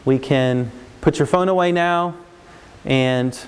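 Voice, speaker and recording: An American man counsels parents and teachers in a casual, instructional talk, animatedly acting out what kids and adults say. His voice is medium-pitched, slow, clear, and resonant.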